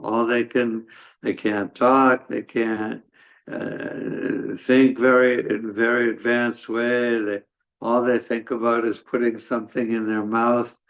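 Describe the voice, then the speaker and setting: A man giving a scripture class in a halting, conversational way, with many fillers and restarts. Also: mid-range voice, a bit bright. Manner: conversational storytelling. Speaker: class speaker.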